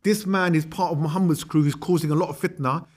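A man's voice: a little high, steady tone, fast talker, a little mellow, close to an everyday voice. A man voicing a scheming middle-aged male Meccan envoy in a casual, slangy retelling. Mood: plotting.

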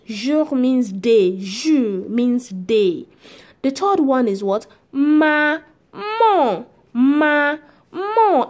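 Slow, patient woman teaching French. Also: high-pitched, warm tone. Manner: slow, patient, drills sounds by repeating them. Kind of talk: spoken language lesson.

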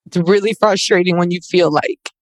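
A woman's voice: lowish voice, fairly even intonation, moderate pace, dry recording. A woman speaking candidly in a casual chat, rambling with frequent restarts and close to tears. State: near tears.

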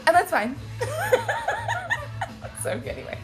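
Lively, laughing woman in her thirties. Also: extremely high pitch, slow pace, over loud music. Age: 30s. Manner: animated storyteller, laughs a lot. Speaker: podcast guest. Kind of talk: casual chat.

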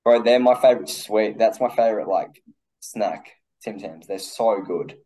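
Easygoing Australian man, lowish voice. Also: moderate pace. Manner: laid-back, easygoing, relaxed banter. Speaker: podcast host. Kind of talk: casual interview chat.

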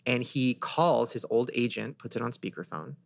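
Gossipy guy hosting a podcast, swears a lot, kinda gravelly, dead dry mic. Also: medium pitch, moderate pace, no room sound. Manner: gossipy, animated, swears freely. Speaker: podcast host. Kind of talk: casual chat.

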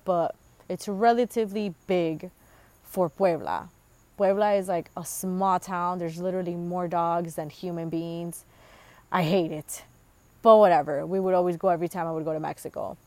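Casual solo vlog host: a young woman with a lowish voice, crude and rambling, heavy on fillers. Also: a little mellow, no room sound. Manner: rambling and profane, with lots of fillers. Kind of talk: casual storytelling monologue.

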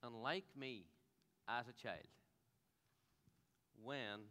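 A man's voice: medium pitch, drawn-out words, clean tone. Impassioned preacher man. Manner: impassioned, shifting from loud exhortation to quiet prayer. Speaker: pastor. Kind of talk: sermon. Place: theatre auditorium with live congregation. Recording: long hall reverb in a theatre.

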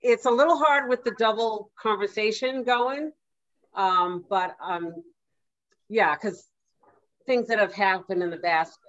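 Woman caller, halting and unsure, muffled call audio. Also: mid-range voice, a bit bright. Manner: hesitant, halting. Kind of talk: casual call-in conversation. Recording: dull lo-fi call line.

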